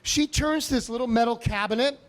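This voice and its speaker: High-voiced profane stand-up comic. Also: male voice, fairly quick. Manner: animated, profane, self-mocking. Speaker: stand-up comedian. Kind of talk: stand-up comedy storytelling. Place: live comedy club stage.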